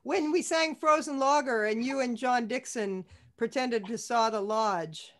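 A woman's voice: fairly high pitch, measured pace. Woman prompting a story on a video call. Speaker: event participant. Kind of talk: casual chat.

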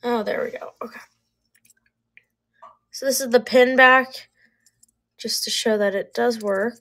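A young woman in her twenties runs a live online sale in a relaxed, chatty way. Her voice sits a little high, and she pokes fun at her own mix-ups as she goes. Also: unhurried. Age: 20s. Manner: chatty and self-deprecating, laughs at own slips. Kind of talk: casual live-sale chat.

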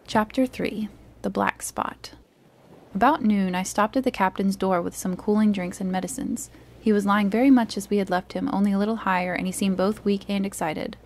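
A woman narrates a classic story in a calm, soothing read-aloud style. Her delivery is gentle and even, meant to relax the listener. Her voice sits at an ordinary pitch for a woman. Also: fairly quick. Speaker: story reader.

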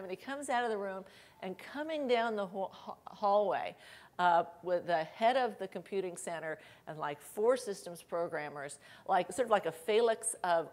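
A middle-aged woman giving a conference keynote, telling lively anecdotes with laughter and acted quotes. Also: mid-range voice. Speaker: keynote speaker. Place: conference hall stage.

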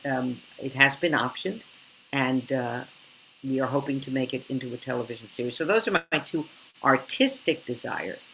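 Theatrical older woman, bright voice. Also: a bass voice, a little hiss or hum, low-quality recording. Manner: theatrical, expressive, slips into character voices. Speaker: actress guest. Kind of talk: animated interview storytelling. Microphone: video call.

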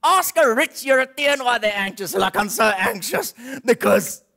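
A South African man voicing a cheeky, loudmouthed male puppet sidekick in a stand-up ventriloquism act, roasting with brash, mocking banter. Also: high-pitched, animated, normal speed, creaky, exaggerated voice.

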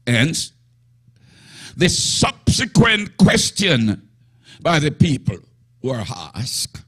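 A male preacher delivers a sermon in a breathy, husky voice, slow and drawn-out. His pitch swings widely and rises to emphatic shouts. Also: sing-song. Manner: emphatic, rising to shouts with bursts of laughter.

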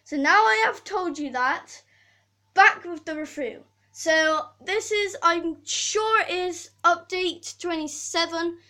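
A woman's voice: very high-pitched, takes it slowly, sharp tone, poor audio. A preteen girl hosting a casual video update from her bedroom, rambling and apologizing often, with many fillers. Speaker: channel host. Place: bedroom at home.

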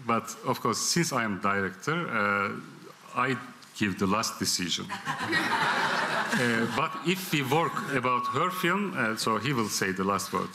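A man's voice: mid-range voice, lively intonation, a little slow, background noise. Hesitant Turkish-accented man. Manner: hesitant, many fillers, laughs often. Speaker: film director. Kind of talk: press conference answers. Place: press conference hall.

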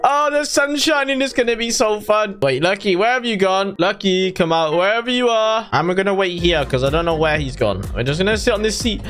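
A woman chatting excitedly while acting out a playful game role-play. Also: medium pitch, brisk, hardly any pauses, faint music behind.

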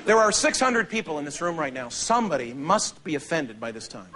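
A man performing a stand-up monologue on a theater stage, telling stories in an animated, sardonic way. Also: a little high, fairly quick, noisy background. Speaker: comedian. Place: theater stage before a large audience.

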